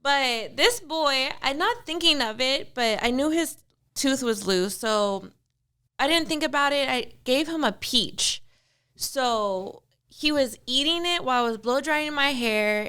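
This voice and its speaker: A high-pitched woman with a bright, ringing voice, co-hosting a casual podcast chat. She tells stories with lots of animation and slips into little voices for the people she quotes. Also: expressive, a little slow, clear, resonant tone. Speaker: podcast co-host.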